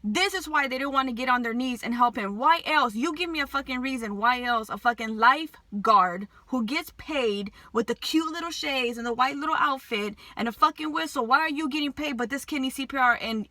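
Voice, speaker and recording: A woman's voice: on the high side, a little fast, hardly any pauses, pushed and bright, dry recording. A woman telling an emotional story to her viewers, agitated, swearing constantly and restarting her sentences. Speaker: vlogger.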